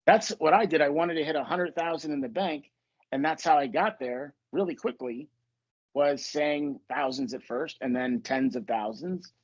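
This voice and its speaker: A man's voice: fairly high pitch, normal speed, dull audio. A man hosting a podcast as a manifestation coach, telling stories in a casual, joking way with plenty of swearing. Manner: profane, joking, animated storytelling.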